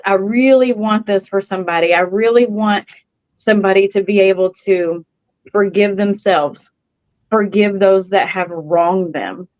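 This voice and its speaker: Tearful woman author, slow halting testimony, dull video-call sound. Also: mid-range voice. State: holding back tears. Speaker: contributing author.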